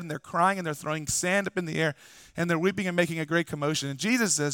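A man's voice: a little high, quick pace, a bit bright, clear, resonant tone, no room sound, clean studio sound. A man preaching a sermon as pastor in a church, conversational, with joking asides, recovering from an illness.

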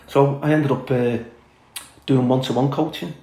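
A middle-aged former footballer telling blunt, candid stories as a podcast guest, chatty with many fillers. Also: male voice, medium pitch, steady tone, normal speed, dark tone, reverberant, rough recording. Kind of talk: casual storytelling chat.

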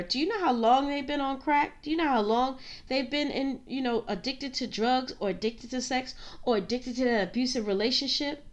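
A woman's voice: high voice, expressive, normal speed, few pauses. A woman preaching a sermon, fervent and direct, calling her listeners saints and queens.

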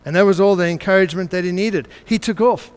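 An older man delivers a sermon in a high, smooth and resonant voice. He tells a story and presses it home through rhythmic, mounting repetition. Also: fast. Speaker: preacher.

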